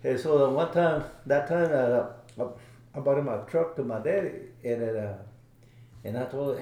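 A man whose first language is Spanish tells stories in English, pausing and restarting as he searches for words. His voice is mid-pitched. It rings in a roomy space. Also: mellow. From Mexico. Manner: halting, many fillers and restarts. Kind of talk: casual storytelling.

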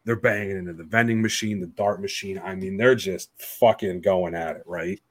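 A young man hosting a podcast, telling a story in a blunt, profane, animated way. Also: low-pitched, normal speed. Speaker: podcast host. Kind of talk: casual storytelling chat.

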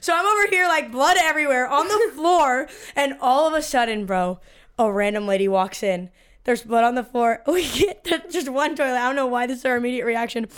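Animated, foul-mouthed young woman storyteller. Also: high-pitched, a little fast, clean tone. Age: 20s. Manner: animated, swears a lot, acts out quotes. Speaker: podcast co-host. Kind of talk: casual storytelling.

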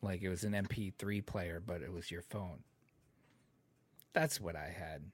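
A man co-hosting a casual podcast, joking around and telling stories, often breaking into loud put-on voices. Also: deep voice, moderate pace, husky, no room sound. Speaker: podcast co-host. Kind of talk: casual banter.

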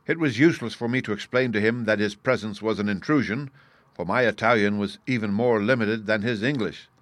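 A man narrating an audiobook in a measured, even storytelling manner. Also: lowish voice, no room sound. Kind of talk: scripted narration.

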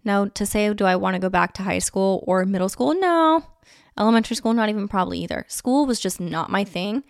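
A woman's voice: mid-range voice, steady tone, fast, vocal fry, no room sound, clean studio sound. A woman in her thirties hosting a casual solo podcast, chatty and nostalgic, with lots of "like" fillers. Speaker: podcast host.

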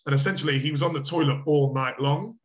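A man's voice: fairly high pitch, fast talker. A man, a coach chatting as an interview guest, rambling with lots of filler words and casual swearing. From United Kingdom.

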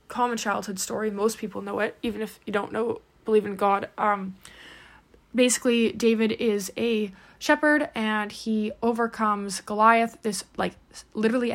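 A woman's voice: medium pitch, gravelly. A woman giving a casual, earnest devotional talk as host, full of "like" and "um" fillers. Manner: earnest, encouraging.

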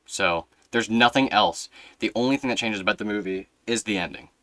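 A low-voiced young man with a bright, forceful tone talks through a casual podcast conversation. His storytelling rambles and runs on fillers, and the sound is dry and close. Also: a little fast, dry recording. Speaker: podcast host.

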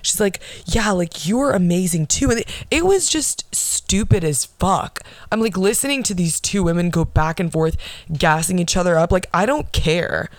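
A woman's voice: lowish voice, moderate pace, no room sound. A young woman hosting her own solo podcast, ranting bluntly and sarcastically with lots of swearing. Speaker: podcast host.

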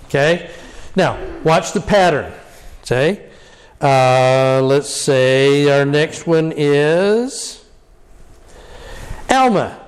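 A man teaching scripture in a relaxed, unhurried way, with a voice that sits a bit high for a man. He is animated, chuckling often and stressing key words with rising cries. He thinks aloud with plenty of fillers as he goes. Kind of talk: informal scripture lesson.

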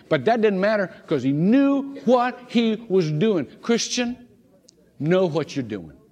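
A man preaching a sermon, telling a story with lots of restarts and repeated words. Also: sits high. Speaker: pastor. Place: church sanctuary. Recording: long church hall reverb.

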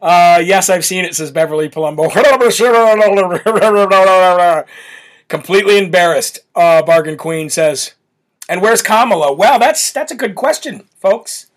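Reading viewer comments from the live chat on his political talk show, this brash American host mocks and laughs often. He speaks at normal speed in a high-pitched, animated voice.

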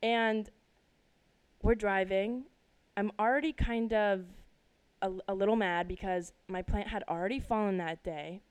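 A young woman from Colorado hosting her own podcast, telling a personal story casually, swearing freely and bursting loud at the dramatic parts. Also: mid-range voice, fairly even intonation, measured pace, long pauses, smooth. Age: young adult. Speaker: podcast host. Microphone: desk microphone.

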